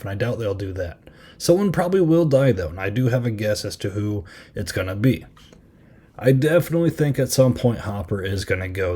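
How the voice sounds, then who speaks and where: A man's voice: on the low side, dark tone. A man hosting a podcast, telling a rambling, self-deprecating story in casual chat. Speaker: podcast host.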